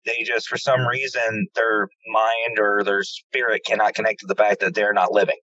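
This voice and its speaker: A man's voice: on the low side, moderate pace, dry recording. A man from central Pennsylvania, a paranormal investigator, telling stories in a casual interview and acting out quoted dialogue. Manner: animated storyteller, acts out quoted dialogue, repeats words. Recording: dull lo-fi dry audio.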